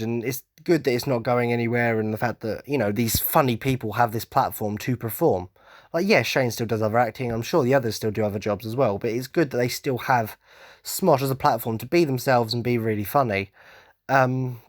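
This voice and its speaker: A man rambles through a solo podcast rant, drifting off on tangents with an eager, self-mocking tone. His voice sits at an ordinary middle pitch. The sound is dry and close, with no room around it. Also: dry recording. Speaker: podcast host.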